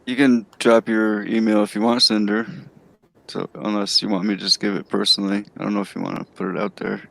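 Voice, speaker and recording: A man's voice: fairly low pitch, flat delivery, brisk, creaky, fairly bright tone. An easygoing man in a casual group voice chat who laughs along with the others.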